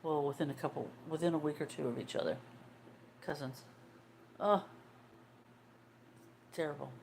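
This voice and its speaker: An older woman in her sixties talks in a low, easy voice, hosting a casual livestream. She chats away and answers viewers' comments as they come in. A faint room ambience sits behind her. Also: steady tone, normal speed, creaky, darkish tone, a little hiss or hum. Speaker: livestream host.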